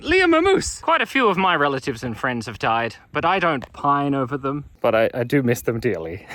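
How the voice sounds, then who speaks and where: A man's voice: mid-range voice, no echo. A man telling a stream of puns to the viewer as he walks through an outdoor cemetery in a playful vlog. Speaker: vlogger. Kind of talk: joke-filled walking vlog.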